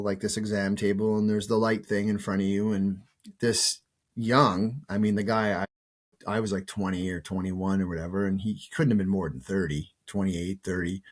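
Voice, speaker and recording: A man in his fifties, a show host who is sick with a cold, telling a personal story in a casual, rambling way with restarts and the odd swear word. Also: lowish voice.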